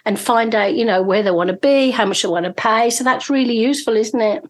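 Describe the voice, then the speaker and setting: A woman's voice: on the high side, fairly quick. A woman hosting a local podcast, chatting casually with a guest, full of encouraging affirmations and "you know". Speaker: podcast host. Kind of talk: casual interview chat. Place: local podcast in Waterloo region.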